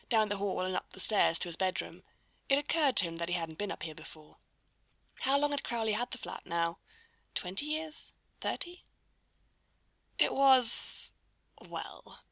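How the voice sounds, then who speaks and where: A woman reads a story aloud with a wry, measured delivery. Her low voice carries a gravelly edge and a bright, forward tone. The sound is dry and close. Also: no echo. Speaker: narrator. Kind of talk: storybook reading.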